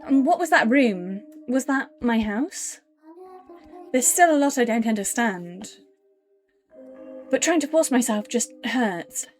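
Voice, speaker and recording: Reading a game's text aloud during a live stream, this woman stops between lines to chat with her viewers. Her voice is slightly high and expressive, her delivery slow with frequent pauses, and faint music plays behind her.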